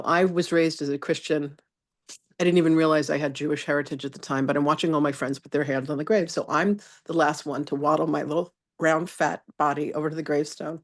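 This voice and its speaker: Chatty woman telling a spiritual story. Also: low voice. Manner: animated, chatty, addresses students by name. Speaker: spiritual teacher. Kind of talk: live online masterclass storytelling.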